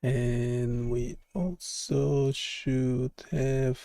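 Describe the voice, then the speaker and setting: A man developer streaming live, talking casually and haltingly as he thinks aloud, with many fillers. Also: mid-range voice, steady tone, vocal fry, warm tone.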